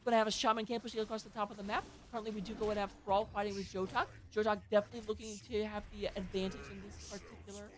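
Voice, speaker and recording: A woman casting an amateur esports match with play-by-play commentary, chatty and excitable, with joking asides. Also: mid-range voice, rapid-fire, few pauses, a little hiss or hum. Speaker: esports caster.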